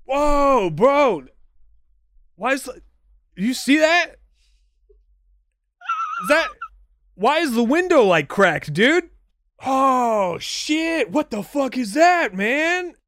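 A man voicing an excitable young stoner dude who shouts and swears in a high voice. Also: drawn-out words, long pauses, no echo, full character voice. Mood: excited. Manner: loud, high-pitched, swearing.

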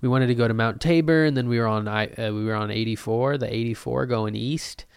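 A young man hosting a solo podcast from his desk at home, rambling and joking at his own expense, with sudden loud bursts and mumbled asides. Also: medium pitch, fairly quick, clear, resonant tone, dry recording. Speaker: podcast host.

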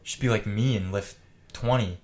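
A man's voice: on the low side, normal speed, darkish tone. A young man co-hosting a podcast, joking around, laughing and swearing casually. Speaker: podcast co-host. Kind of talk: casual chat.

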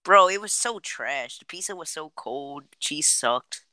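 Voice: mid-range voice, lively intonation, a little slow, crowd noise. A co-host of a casual podcast, making laid-back joking comments. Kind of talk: casual chat.

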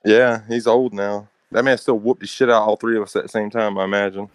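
A man's voice: lowish voice, level tone, quick pace, dry recording. A young man co-hosting a podcast, chatting loosely with friends, rambling with heavy slang and swearing and laughing often. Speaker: podcast co-host. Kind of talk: casual chat among friends.

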